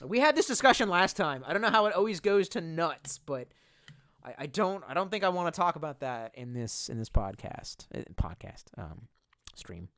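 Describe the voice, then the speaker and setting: A man's voice: on the high side, big pitch swings, normal speed, fairly bright tone, dry recording. A man casually chatting on a livestream and answering chat, cursing often and rambling, sometimes trailing off into a mumble. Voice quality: profane, rambling speech.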